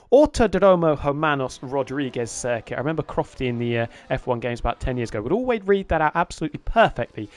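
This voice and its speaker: A man giving lead commentary on an online sim racing qualifying session, lively as he calls the lap times. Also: a little high. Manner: lively, builds excitement over lap times.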